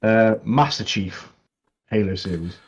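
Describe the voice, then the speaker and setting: A man's voice: lowish voice, unhurried, slightly rough. A man co-hosting a casual gaming chat, laughing often and acting out little quotes. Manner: laughs often, acts out quotes, repeats words. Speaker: co-host. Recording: dull, lo-fi mic.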